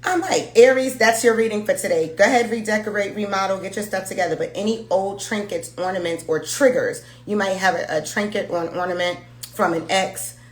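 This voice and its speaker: A woman's voice: fairly low pitch, reverberant. A woman giving a casual tarot reading, talking frankly, swearing and laughing freely. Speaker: tarot reader.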